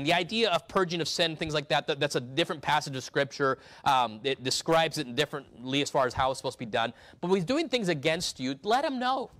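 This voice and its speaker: A man with a fairly high voice preaches a sermon from the pulpit. His delivery is emphatic, rising to loud, urgent stretches and then dropping to hushed, low asides. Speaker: pastor.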